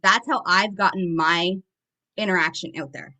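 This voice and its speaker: Canadian lady on a group call, chatty and bright, lots of ums. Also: lowish voice, moderate pace, poor audio. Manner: chatty, folksy, storytelling. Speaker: team member sharing tips.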